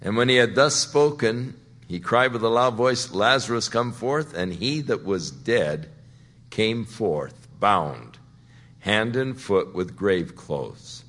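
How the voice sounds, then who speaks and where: Slow, bright-voiced male preacher. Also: fairly low pitch, lively intonation. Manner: conversational preaching, rising to emphatic. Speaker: pastor. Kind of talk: sermon.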